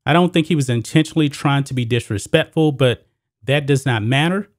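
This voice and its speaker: A man's voice: medium pitch, fairly quick, no echo, clean studio sound. A man hosting a solo sports commentary show, talking casually to his viewers as guys and folks.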